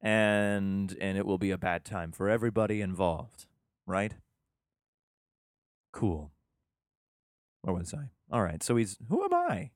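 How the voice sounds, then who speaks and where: Low-voiced dude reading the bible and cracking sarcastic jokes, swears a lot, dry sound. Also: male voice, fairly even intonation, a little slow, pauses often, no echo. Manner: sarcastic, swears, reads in mock-solemn King James cadence. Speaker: reader commenting on scripture. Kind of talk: casual irreverent commentary with scripture reading.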